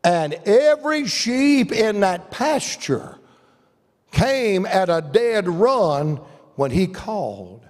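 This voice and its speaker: An older man with a Southern American accent delivers a folksy, humorous revival sermon in a church sanctuary, telling stories as he preaches. His voice is high and swings widely in pitch, and he takes his time. The recording carries a long church reverb.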